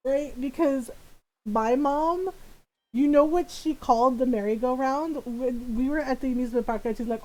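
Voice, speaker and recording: A woman's voice: high-pitched, normal speed, poor audio. A young woman streaming a game, chatting casually, telling a story, and laughing often. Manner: quiet muttering while decorating in game. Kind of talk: casual live-stream chat while gaming.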